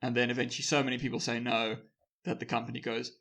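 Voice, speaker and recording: A man co-hosting a casual podcast, reading out news items in a loose, rambling way. His voice sits at an ordinary middle pitch, and he laughs easily as he goes. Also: flat delivery, fast, fairly bright tone. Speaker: podcast co-host.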